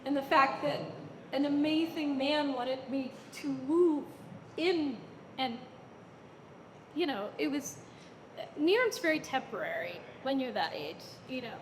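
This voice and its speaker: Animated storytelling woman in an echoey hall. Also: high-pitched, background noise. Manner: animated, acts out quoted voices. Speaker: interview guest, entrepreneur. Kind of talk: storytelling in a live onstage conversation. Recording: echoey hall with long reverb.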